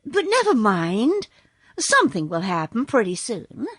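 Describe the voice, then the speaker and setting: A woman voicing a cheerful, plucky young girl in a storybook reading, higher than her narration. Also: huge pitch swings, slow, husky, dry recording, studio quality, full character voice. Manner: bright and reassuring.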